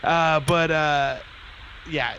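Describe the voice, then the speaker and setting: A man's voice: fairly high pitch, fairly even intonation, drawn-out words, bright, forceful tone, dull audio, a little hiss or hum. A man co-hosting a casual live stream, rambling and repeating words, with some swearing. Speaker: podcast co-host.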